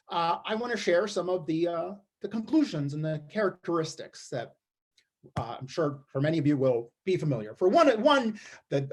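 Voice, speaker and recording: Wry husky-voiced man telling stories. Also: on the high side, a little mellow. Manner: wry, observational, frequent restarts. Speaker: storyteller performer. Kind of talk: comic storytelling monologue. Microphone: streamed performance mic.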